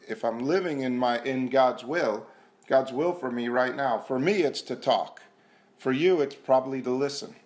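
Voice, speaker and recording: A man giving an earnest, self-mocking personal testimony at a recovery meeting, repeating himself and sometimes dropping to a hushed voice. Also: medium pitch. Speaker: speaker sharing at a recovery meeting. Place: meeting room.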